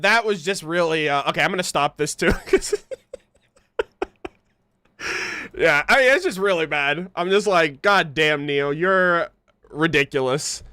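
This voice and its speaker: A man hosting a casual livestream commentary, excitable and chatty, laughing often and swearing freely as he talks to his viewers. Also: on the high side, dry recording, clean studio sound. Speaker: livestream host reacting to an animated series.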